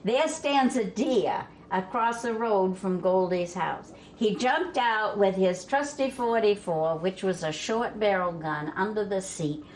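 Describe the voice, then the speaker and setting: A woman's voice: mid-range voice, measured pace, hardly any pauses, slight background noise. An older woman from Vermont, telling family stories in a casual, folksy way and laughing along with them. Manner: folksy, laughs through her own stories. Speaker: storyteller guest.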